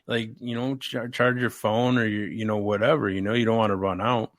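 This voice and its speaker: A man chatting casually on a podcast, emphatic and animated, calling people "dude". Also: lowish voice, brisk, few pauses, no echo. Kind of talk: casual chat.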